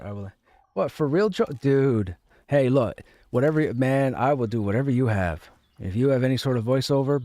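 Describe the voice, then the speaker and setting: Low, mellow-voiced man chatting. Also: dry recording. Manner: rambling, repeats his phrases. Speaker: game streamer. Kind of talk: casual chat.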